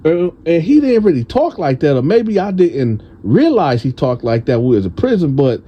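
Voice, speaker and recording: A man from tells a prison storytime in a casual, animated way. He acts out his friends' voices in a higher pitch. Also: moderate pace, husky, highs cut off.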